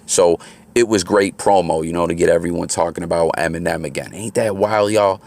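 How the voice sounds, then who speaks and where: A man's voice: low voice, brisk, creaky, darkish tone. A man hosting his own channel, giving laid-back, slangy commentary while out moving around. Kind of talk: casual commentary. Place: outdoors on the move.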